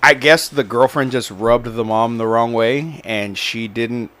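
Guy on a podcast reading news stories, swears a lot, mid-pitched voice. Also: measured pace, fairly bright tone. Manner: swears freely, joking. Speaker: podcast co-host.

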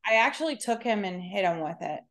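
A woman's voice: medium pitch, lively intonation, a little fast. A woman co-hosting a podcast as a social worker, answering with brief, laid-back replies and dry humor. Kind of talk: casual chat.

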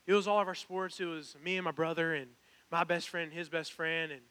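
A man's voice: fairly high pitch, fairly even intonation, a little fast, sharp tone. A young man, preaching a personal, earnest sermon that builds to emphatic calls. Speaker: pastor. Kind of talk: sermon with altar call.

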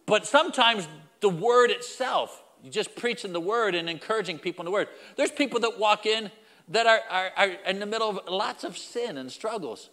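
A man's voice: sits high, expressive, moderate pace, sharp tone, long reverb tail. A man preaching a sermon as pastor, emphatic and repetitive, speaking directly to the congregation.

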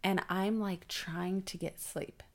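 A young woman chatting casually as a podcast co-host. She tells stories with animation and acts out the people in them. Her voice sits low, with a lot of vocal fry. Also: fairly even intonation, slow pace. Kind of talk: casual chat.

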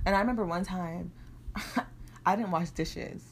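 A young woman from Nigeria, co-hosting a podcast, telling childhood stories in an animated, profane way with bursts of laughter. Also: on the low side, a little slow, slight background noise. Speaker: podcast co-host. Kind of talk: casual chat.

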